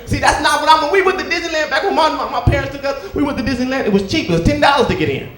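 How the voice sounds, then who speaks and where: A man performing a stand-up comedy set on a club stage, telling stories and acting out characters with loud outbursts. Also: extremely high pitch, rapid-fire, roomy sound. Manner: animated storytelling, acts out characters with loud outbursts. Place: comedy club stage before a live audience.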